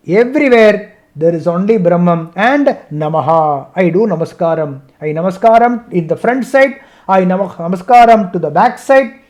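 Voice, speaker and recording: A man teaching a scripture discussion over a video call, chanting Sanskrit verses and then explaining them slowly, often checking in with "right?". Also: high-pitched, a little mellow. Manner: explains slowly, repeats points, asks "right?". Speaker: Gita teacher.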